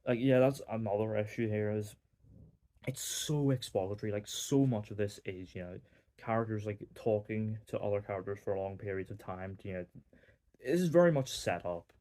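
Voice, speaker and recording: Northern Irish man, mellow rambling review. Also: fairly low pitch, normal speed. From Northern Ireland. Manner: rambling, many "like" fillers, wry. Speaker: film reviewer. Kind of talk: casual spoken movie review.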